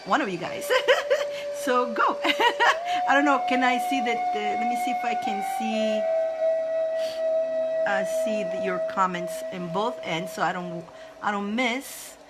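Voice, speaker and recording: A woman hosting a spiritual live stream, chatting casually and excitedly with viewers. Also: on the high side, unhurried, pauses often, loud music behind the voice, poor audio. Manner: chatty and excitable, breaks into laughter.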